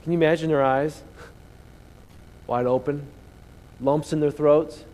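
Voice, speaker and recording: A male pastor preaches with a fairly high voice and animated, storytelling energy. He calls out to his congregation. His words ring through a church sanctuary that has a long echo. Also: fairly quick. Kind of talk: sermon. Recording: long hall reverb.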